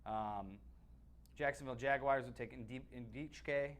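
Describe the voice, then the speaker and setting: A man's voice: mid-range voice, slow. A man co-hosting a sports webcast, giving blunt opinions on football in casual talk that is full of restarts. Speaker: sports analyst co-host.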